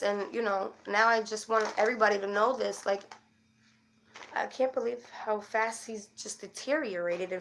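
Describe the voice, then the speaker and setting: A woman's voice: mid-range voice, gravelly. A woman chatting casually to camera as a vlogger, rambling with fillers and restarts, worried and frustrated.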